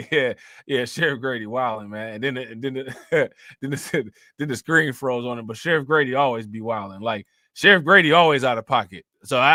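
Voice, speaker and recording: A man's voice: medium pitch, no echo, clean studio sound. Laid-back man reading live chat. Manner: laid-back, laughs often, reads chat shout-outs. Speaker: livestream reaction host. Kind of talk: casual live-stream commentary.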